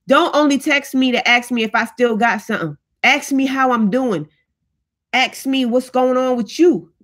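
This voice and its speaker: A woman speaking talks straight to her viewers in a casual live stream. She keeps encouraging them and preaches a little as she goes. Her voice sits a touch high, and she keeps checking in with "you know what I'm saying". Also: fairly bright tone. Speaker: channel host.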